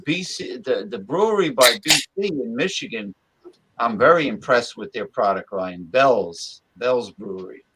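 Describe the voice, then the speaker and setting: A man's voice: medium pitch, animated, moderate pace, background noise. A man co-hosting a casual podcast, talking in an easygoing way and often repeating himself. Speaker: podcast co-host. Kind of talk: casual chat.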